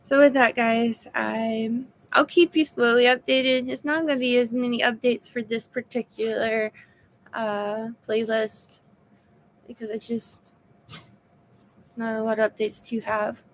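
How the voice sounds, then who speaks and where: A woman's voice: a little high, level tone, measured pace, a little hiss or hum. A woman giving a casual personal video update, weary and frank, sounding exhausted. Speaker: vlogger.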